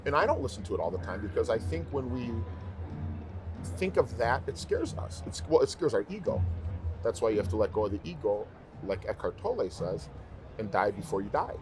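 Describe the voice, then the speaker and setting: A man who is a professional singer, guest on an interview show, telling stories in an animated, emphatic, rambling way. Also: on the low side, fairly quick, music in the background. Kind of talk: casual interview talk.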